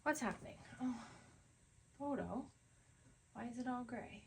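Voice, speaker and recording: A woman's voice: a little high, unhurried, gravelly, a little mellow, slight background noise. A young woman chatting casually to viewers while making art, self-deprecating and muttering to herself as she works. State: out of breath. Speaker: art journaling vlogger. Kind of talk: casual crafting chat to viewers.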